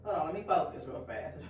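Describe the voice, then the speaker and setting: A woman with a deep, darkish voice demonstrates dyeing a wig at a sink inside, talking along nervously and laughing at herself. She's a beauty vlogger making a casual tutorial, recorded in an echoey room with faint ambient sound.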